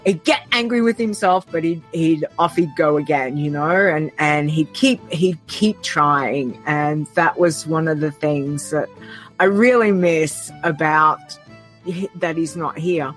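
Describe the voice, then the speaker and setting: A woman's voice: deep voice, measured pace, faint music behind. An Australian woman talking heartfelt and earnest as a podcast guest, often trailing off and restarting her sentences. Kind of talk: casual podcast conversation.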